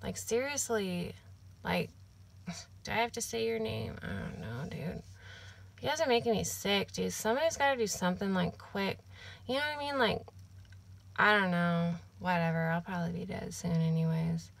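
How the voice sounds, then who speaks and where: A woman's voice: medium pitch, normal speed, vocal fry, no room sound. A young adult woman talking casually to camera in an apartment, rambling and venting with lots of swearing and filler words.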